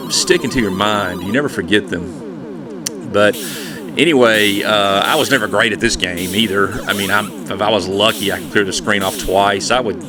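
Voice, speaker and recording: Chatty man with a twang. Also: lowish voice. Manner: rambling, chatty, folksy storytelling. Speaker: retro gaming channel host. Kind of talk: nostalgic casual monologue.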